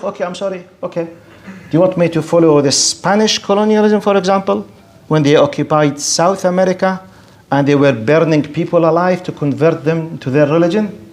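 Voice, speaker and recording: Animated man giving a religious lecture. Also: sits high. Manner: animated and rhetorical, mimics objectors in quick asides. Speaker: Islamic lecturer. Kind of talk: lecture to an audience.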